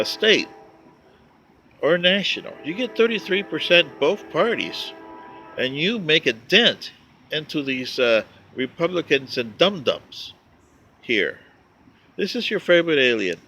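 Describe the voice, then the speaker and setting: A man with a bright, fairly high voice tells a casual story straight to camera. His pitch swings widely as he stretches out his joking punchlines, and his tone stays wry throughout. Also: very animated, a little hiss or hum. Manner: wry, joking, drawn-out emphasis. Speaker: vlogger.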